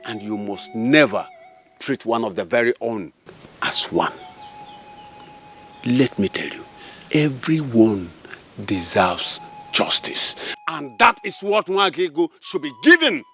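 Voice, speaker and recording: A man playing a calm, dignified envoy from a neighbouring village, speaking slowly and solemnly. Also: fairly low pitch, slight background noise. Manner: slow, measured, solemn.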